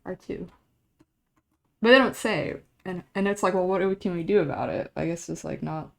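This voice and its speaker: Creaky-voiced young woman chatting on stream. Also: fairly low pitch, moderate pace. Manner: rambling storytelling with frequent laughter. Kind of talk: casual chat while drawing on stream.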